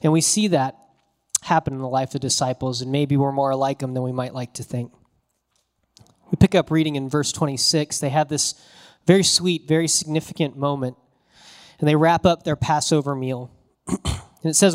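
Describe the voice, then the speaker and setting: A pastor preaching a conversational sermon, telling the story casually and animatedly with bits of slang. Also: male voice, medium pitch, steady tone, moderate pace, long pauses.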